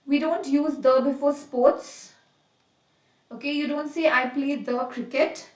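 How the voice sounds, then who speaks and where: A woman teaching a live online grammar lesson. She explains each rule slowly, repeats examples and checks on students by name. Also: sits high, steady tone, reverberant, far from the mic, lo-fi sound.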